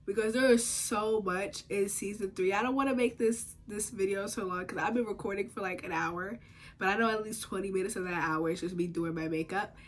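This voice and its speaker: A young woman casually recapping episodes of a show in a chatty, rambling, animated way, with slangy asides. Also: medium pitch, brisk. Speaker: TV show reviewer. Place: home, recording while doing makeup.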